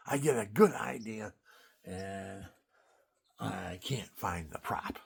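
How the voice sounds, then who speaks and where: Gravelly older man telling war stories. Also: on the low side, lively intonation, slow. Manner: emphatic, wandering storytelling with restarts. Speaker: military veteran. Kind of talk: rambling spoken monologue.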